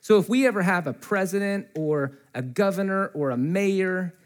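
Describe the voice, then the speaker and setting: A man's voice: high-pitched, moderate pace. A man preaching a sermon in a church, telling a story in a loose conversational way and quoting the people in it, with a mic close to his face. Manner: conversational, animated storytelling with quoted voices. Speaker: pastor.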